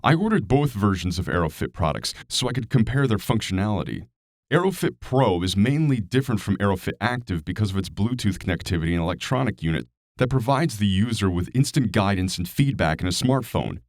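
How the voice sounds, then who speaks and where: A man reading a scripted product review as a hired voice actor, in a lively, expressive way. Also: on the low side, brisk, no echo, studio quality. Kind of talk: scripted narration.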